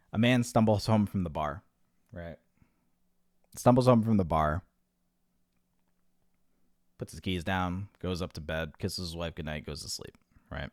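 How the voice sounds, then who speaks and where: A man with a low voice tells a long shaggy-dog joke in a loose, rambling way, leaning on "like" and acting out each character's lines. The sound is close and dry. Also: slow pace, pauses often, a little mellow, dry recording. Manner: rambling, full of "like" and restarts, acts out characters' lines. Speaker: joke teller. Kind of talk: casual storytelling of jokes.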